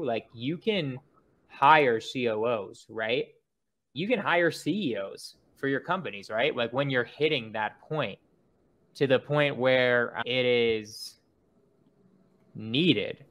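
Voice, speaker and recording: A man's voice: medium pitch, fairly bright tone. Man, young adult, podcast host, loose rambling chat, filler-heavy.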